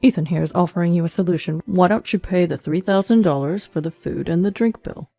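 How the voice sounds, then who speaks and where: A man's voice: high voice, fast, gravelly, warm tone, no room sound, faint music behind. A woman reading as a stern police officer.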